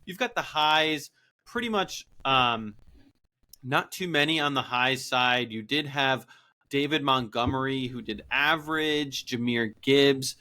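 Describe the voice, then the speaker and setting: A man's voice: medium pitch, unhurried, sharp tone. A man co-hosting a podcast, recapping fantasy football games in an upbeat, enthusiastic way. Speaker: podcast co-host. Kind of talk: casual fantasy football chat.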